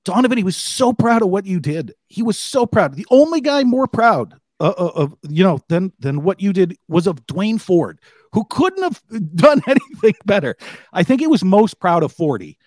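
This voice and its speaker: A man's voice: high-pitched, sing-song, moderate pace, darkish tone, no room sound, studio quality. A man, a broadcaster and former player, telling heartfelt memories on a podcast with his voice catching as he fights tears. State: near tears. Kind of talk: emotional podcast tribute.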